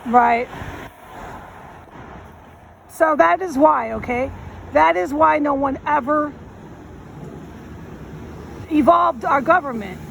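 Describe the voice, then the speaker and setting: A woman vlogs on her phone while walking a city street, rambling in casual slang with plenty of emphasis. Her voice is high-pitched with a gravelly edge. Faint street and traffic noise sits behind her. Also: takes it slowly, pauses often, fairly bright tone, dull audio. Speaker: vlogger. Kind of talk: walking vlog monologue. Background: street noise and passing traffic.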